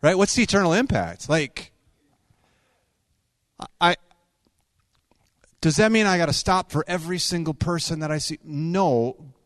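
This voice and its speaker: A male pastor tells stories in a sermon, talking conversationally with quick asides. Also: fairly high pitch, dry recording, studio quality. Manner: conversational, animated storytelling with quick asides and laughs. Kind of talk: sermon storytelling.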